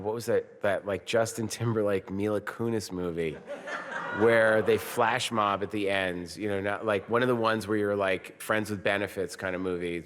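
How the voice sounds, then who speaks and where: A man in his fifties, a film director and actor, talking on stage at a live podcast taping and telling lively stories that break into quoted movie lines. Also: lowish voice. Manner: animated storyteller who bursts into quoted movie lines. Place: on stage at a film festival before an audience. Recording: long hall reverb.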